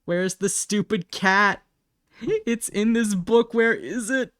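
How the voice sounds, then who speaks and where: Young guy streamer drawing, slow and giggly, keeps saying sorry, dry mic. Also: high voice, fairly bright tone, no echo. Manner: laughing often, self-mocking apologies. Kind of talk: casual live-stream chat while drawing.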